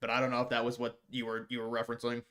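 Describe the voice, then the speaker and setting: A man's voice: mid-range voice, monotone, racing, fairly bright tone. A man hosting a live stream, answering viewer questions in casual chat, rambling and repeating words as he starts sentences, with scornful mocking asides. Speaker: livestream host reading viewer questions.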